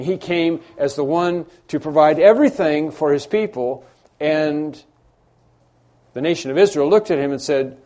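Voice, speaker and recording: A man's voice: a little high, dark tone. A man preaching a sermon, who acts out the cries and pleas of the people he quotes with rising intensity. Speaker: pastor.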